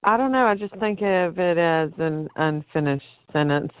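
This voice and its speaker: A man's voice: a little high, normal speed, clear, resonant tone. A man calling into a talk show who argues and picks at what is said. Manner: argumentative, nitpicking. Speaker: caller. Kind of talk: call-in radio chat. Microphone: phone. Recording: dry, phone-like line.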